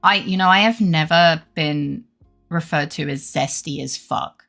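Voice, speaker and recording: A young woman streamer talks in a loose, rambling way, swearing freely as she answers her chat. Her voice is bright with a gravelly fry, and faint game music plays under her words. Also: low voice, unhurried. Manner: rambling, chatty, swears freely, laughs often. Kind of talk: casual live-stream chat.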